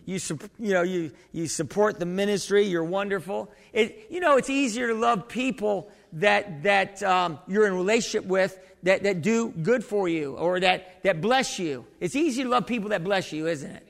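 A male pastor delivers a chatty, rambling sermon, often breaking off to quiz his congregation. His voice sits high and has a gravelly edge. It carries a long reverb from the church hall around him. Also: moderate pace, hardly any pauses. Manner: conversational preaching with many restarts and questions to the congregation. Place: church sanctuary.

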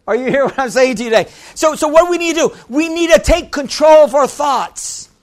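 A man preaching a sermon to a congregation, lively and humorous, laughing often and calling out "Amen?" to the room. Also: very high voice, brisk. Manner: laughs often, restarts phrases.

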